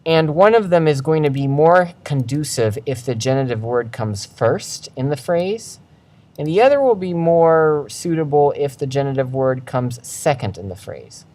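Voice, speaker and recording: A man's voice: fairly high pitch, lively intonation, moderate pace, darkish tone. Methodical male Latin teacher. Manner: methodical, walks through steps one by one. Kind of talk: recorded lecture over slides.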